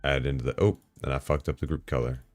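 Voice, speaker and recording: With an extremely low voice and a quick pace, a man live-streams while setting up software, chatting casually to himself and his viewers. He swears and breaks into excited outbursts, and the recording has no room sound.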